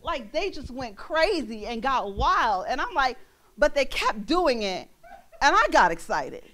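Animated young woman preaching a sermon. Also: sits high, measured pace, shouting. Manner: animated, acts out quoted voices, laughs. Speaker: minister. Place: church.

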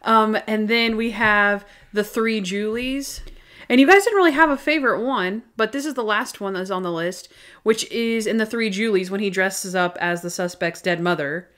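A woman co-hosting a podcast, chatting casually about favorite moments. Her voice sits at an ordinary middle pitch. She is animated and laughs often as she retells things. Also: moderate pace. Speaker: podcast co-host.

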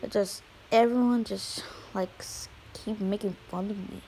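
A woman's voice: mid-range voice, steady tone, unhurried, dark tone, a little hiss or hum, close to an everyday voice, low-quality recording. Knuckles, voiced by a woman, sulky echidna. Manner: sulky, mumbling, sighing. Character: Knuckles, moody male echidna with anger issues.

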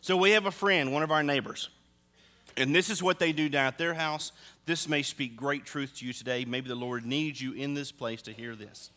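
Preaching in a church sanctuary, a middle-aged man tells funny, lively stories as part of his sermon. His medium-pitched voice sounds pushed and bright at a normal speed, carried by the long reverb of the large hall.

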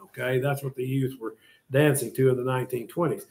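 An older history teacher speaks to his class in a mid-range, steady, darkish voice at a fairly quick pace. He rambles and jokes, telling stories and breaking off to talk to his students.

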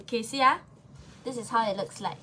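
A woman's voice: fairly high pitch, a little fast, pushed and bright, a little hiss or hum. A woman co-hosting a live sale, chatting casually and laughing often. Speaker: live-stream co-host.

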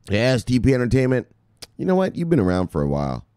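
A man's voice: mid-range voice, a little fast, dry recording, studio quality. Hyped-up, profane male crypto vlogger. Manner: excitable, profane, shouting "bang" at viewers. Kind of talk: casual hyped-up commentary.

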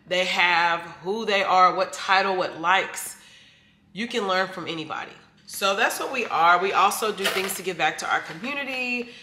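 In her casual faith vlog, a young adult woman speaks to viewers she calls "y'all," sharing thoughts on belief and upcoming plans. Her fairly low voice is bright and forceful, though slightly stuffy from allergies.

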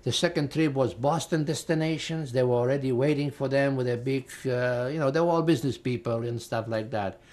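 An older man with a Polish accent gives oral history testimony. He talks in a halting, rambling way, repeating words and stopping on fillers, at an ordinary middle pitch. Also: a little mellow. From Poland. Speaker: interviewee, Holocaust survivor.

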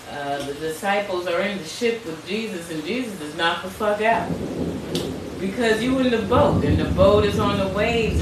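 A woman's voice: mid-range voice, far from the mic, slight background noise. Lady doing tarot live, chatty n preachy, echoey room, sits off the mic. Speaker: tarot reader. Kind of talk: casual live stream chat.

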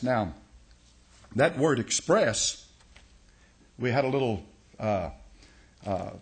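Folksy pastor teaching a sermon. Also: male voice, medium pitch. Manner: folksy, explains step by step, many restarts and uh.

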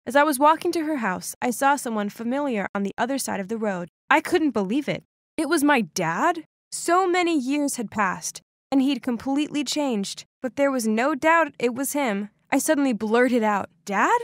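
A young woman narrates a first-person animated story with expressive, dramatic delivery. Her voice is fairly high. The recording is dry and close, with no room sound. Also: normal speed, dry recording.

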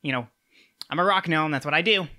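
A man playing a jittery male gnome tinkerer, stammering, high-pitched and bright. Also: fast. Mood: nervous. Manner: stammering, full of "uh"s.

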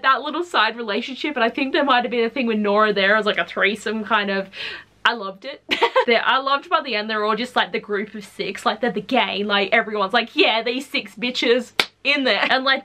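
Young woman, gushing, chatty, bright, high-ish voice, book review vlog. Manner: gushing and excitable, peppered with "like".

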